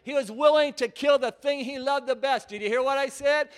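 A man preaching a sermon, emphatic and full of rhetorical questions, at times building to near-shouts. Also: very high voice, animated, moderate pace, hardly any pauses.

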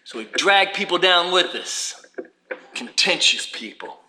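High, bright-voiced preacher in a roomy space. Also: male voice, unhurried, a little hiss or hum. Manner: animated preaching with rhetorical questions and acted-out quotes. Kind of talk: sermon.

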